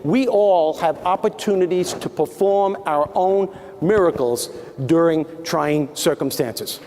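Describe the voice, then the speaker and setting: Animated comic speaker in a big hall. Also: male voice, a little high, unhurried, a little hiss or hum. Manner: animated, acts out voices for laughs. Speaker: motivational speaker. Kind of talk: stand-up style keynote. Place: large hall with audience. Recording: live hall recording with reverb.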